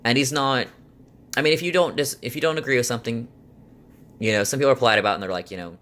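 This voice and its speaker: A man's voice: medium pitch, racing, fairly bright tone. A young adult man chatting casually to camera, rambling and venting with lots of fillers and exasperated laughs. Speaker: vlogger. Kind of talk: casual chat.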